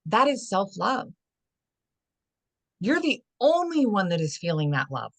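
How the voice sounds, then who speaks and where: With a mid-range, sing-song voice that's unhurried and fairly bright, this woman, a holistic fitness and life coach, is being interviewed on a podcast. Recorded dry, she's earnest and rambling, leaning on "you know" and voicing her own inner thoughts.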